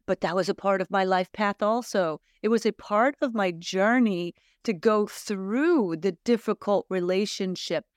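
A woman's voice: mid-range voice, measured pace, few pauses, dry recording, studio quality. A middle-aged woman hosting her own podcast, talking in an earnest, searching way and asking her listeners many rhetorical questions. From Sweden. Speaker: podcast host. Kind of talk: reflective solo podcast monologue.

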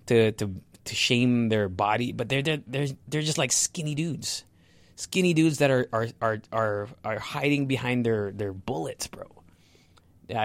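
A man's voice: mid-range voice, fairly bright tone, no room sound. A young man giving a heated, profane opinion rant to his viewers, often stumbling and repeating words. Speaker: vlogger. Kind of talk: casual opinion rant to camera.

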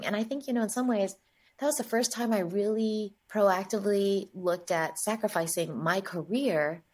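A woman from the United States, a guest in an interview, telling stories in a lively way and acting out the dialogue. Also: mid-range voice, moderate pace. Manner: lively storyteller, acts out dialogue. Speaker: guest, agency chief executive. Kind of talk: interview storytelling.

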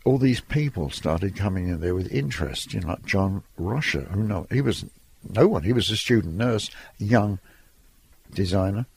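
A man's voice: fairly low pitch, animated, normal speed, gravelly, a little mellow, breathy edge. An older man from Ireland, a photographer telling stories from his career in a chatty, reminiscing interview. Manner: reminiscing, chatty, laughs between lines. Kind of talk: storytelling interview.

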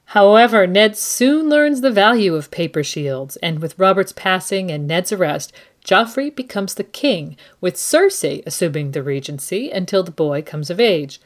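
A woman hosting a book podcast who analyzes the story and reads passages aloud in an expressive, measured way. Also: fairly low pitch. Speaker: podcast host. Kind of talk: book analysis and dramatic reading. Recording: long reverb, loud music behind.

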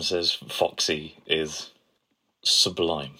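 A man's voice: low-pitched, normal speed, fairly bright tone. A man co-hosting a podcast, chatting playfully and enthusiastically. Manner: playful, enthusiastic, gushes over quotes. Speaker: podcast co-host. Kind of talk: casual chat.

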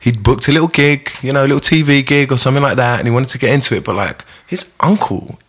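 A man, an actor telling a story in a relaxed podcast chat, swearing freely. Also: mid-range voice, fast talker, breathy edge. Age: 30s. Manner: swearing, storytelling, self-correcting. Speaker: actor guest.

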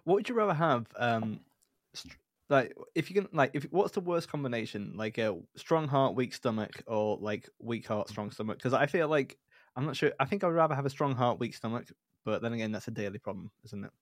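A comedian guest who rambles through his points, filling them with "like" and breaking into giggles. His pitch bounces around a lot in a mid-range voice. The sound is dry and close, with no room around it. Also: animated, a little fast, no echo. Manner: rambling, heavy use of "like", giggly. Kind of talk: casual comedic chat.

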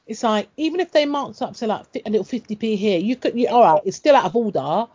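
Woman, casual chat, blunt and sweary, slightly high voice, dull lo-fi sound. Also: animated, fast talker, darkish tone, breathy edge. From Britain. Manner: blunt, sweary, laughing storyteller. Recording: dull lo-fi audio.

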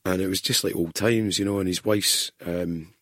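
A man's voice: deep voice, moderate pace, no echo, clean studio sound. A Scottish man, a podcast guest, telling anecdotes in casual chat with frequent laughs. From Scotland. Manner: lively storyteller, laughs often, puts on voices.

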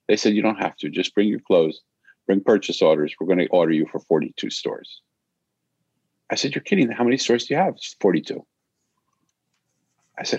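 An older man telling a personal story in a soft-spoken, reflective way, slowing down on key phrases. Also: sits low, creaky, breathy edge, dry recording, highs cut off.

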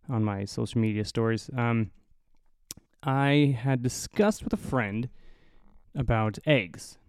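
A young Midwestern man with a nasal voice hosts a casual solo podcast. His tone is mellow and smooth, a bit low for a man. He rambles, swears and pokes fun at himself, recorded close with no room echo. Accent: Midwestern American. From American Midwest. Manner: rambling, profane, self-mocking. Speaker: podcast host.

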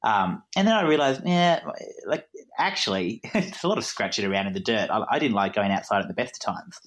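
Aussie bloke guest on a podcast, young, keeps laughing at himself, wanders off on tangents. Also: male voice, lowish voice, animated, a little fast. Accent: Australian. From Queensland, Australia. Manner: self-deprecating, laughs often, rambling asides. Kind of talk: casual conversational storytelling.

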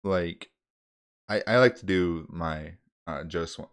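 A man with a very low, deep voice chats casually. He talks in a relaxed, rambling way and pokes fun at himself as he goes. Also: slow. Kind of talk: casual chat.

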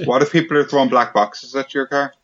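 A man's voice: medium pitch, fairly even intonation, fairly quick, fairly bright tone. A man co-hosting a podcast, chatting casually and joking with friends. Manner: joking, laughs a lot. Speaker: podcast co-host. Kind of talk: casual chat. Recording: dull lo-fi sound.

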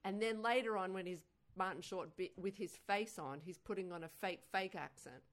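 A woman's voice: medium pitch, normal speed. A woman co-hosting a podcast in casual movie chat, explaining points emphatically and enthusiastically, often stumbling over her words. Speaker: podcast co-host.

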